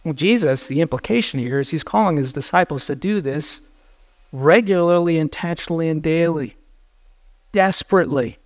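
A male pastor delivering a sermon with earnest urgency, pressing his listeners with repeated questions. His voice sits a little high for a man. The recording is dry and close, with no room sound. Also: moderate pace, no echo.

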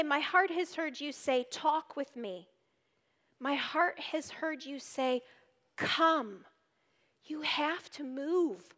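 A woman giving an earnest devotional teaching, reading scripture aloud and explaining it, shifting between urgent emphasis and hushed tones. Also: high-pitched, slow. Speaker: speaker at a church gathering. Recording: reverberant hall.

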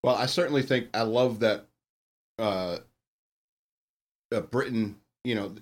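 A man's voice: fairly low pitch, measured pace. A man co-hosting a casual chat podcast, talking hesitantly with many fillers. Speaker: podcast co-host.

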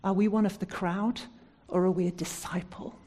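A woman preaching a sermon from the United Kingdom, putting earnest, searching questions to the congregation and turning soft and prayerful when she leads prayer. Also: medium pitch, fairly even intonation, moderate pace.

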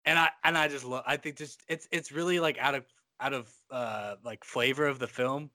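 Bright-toned man in a dry room. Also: medium pitch, steady tone, moderate pace, no room sound. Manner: loose, rambling, casual swearing. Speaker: podcast co-host. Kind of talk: casual film discussion.

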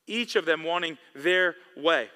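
A man's voice: on the high side, unhurried, pushed and bright, clear, resonant tone. A man preaching a sermon as pastor, emphatic and repeating key phrases for weight. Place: church sanctuary. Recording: long echo of a big hall.

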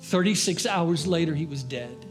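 Older guy preaching, high voice, goes from raised to hushed, quiet guitar behind. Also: moderate pace. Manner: impassioned preaching, rising and dropping to hushed tones. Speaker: pastor. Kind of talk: sermon.

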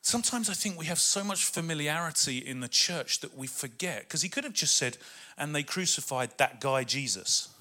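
A man preaching a sermon with excitable emphasis, then dropping quieter to read scripture. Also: on the high side, normal speed. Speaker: pastor.

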